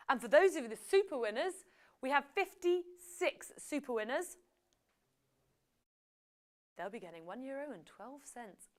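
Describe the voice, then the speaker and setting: A young woman hosting a live quiz show, chatty and playful, with self-correcting asides. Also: high voice. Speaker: quiz host.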